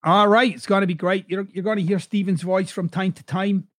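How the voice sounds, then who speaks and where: A man's voice: high voice, fairly even intonation, brisk, no echo, studio quality. Blunt Scottish man hosting a podcast. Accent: softened Glasgow Scottish. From Scotland. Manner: blunt, swears freely, direct coaching tone. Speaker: podcast host. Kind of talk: motivational podcast monologue.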